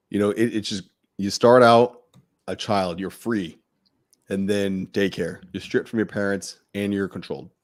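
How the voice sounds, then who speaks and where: Podcast co-host, male, low voice, blunt profane rant that builds up steam.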